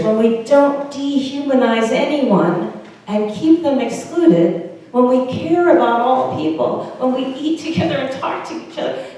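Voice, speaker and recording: A woman pastor gives a relaxed, conversational sermon and checks in with her listeners as she goes. Her voice has a warm, dark tone. It sounds distant and echoey, as though recorded from the back of a church. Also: fairly high pitch. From United States. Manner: conversational, asks the congregation questions.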